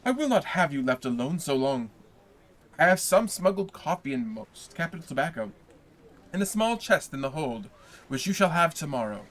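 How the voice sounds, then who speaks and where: A man reading aloud, voicing an earnest, warm-hearted young sailor who speaks eagerly and emphatically. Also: fairly high pitch, very animated, moderate pace.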